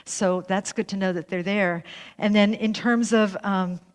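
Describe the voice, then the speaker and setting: A woman minister speaks to her congregation in an earnest, ceremonial way, reading from a script and restarting the odd word. Her voice sits at an ordinary middle pitch. A long church-hall reverb trails after each phrase. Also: steady tone, a little slow. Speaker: minister leading a church service. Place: church sanctuary.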